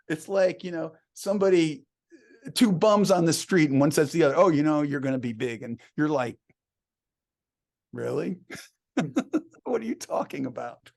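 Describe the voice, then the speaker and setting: A man's voice: on the high side, lively intonation, moderate pace, vocal fry, a little mellow. A man, a songwriter guest in an interview, telling anecdotes casually, laughing often and acting out the dialogue he quotes.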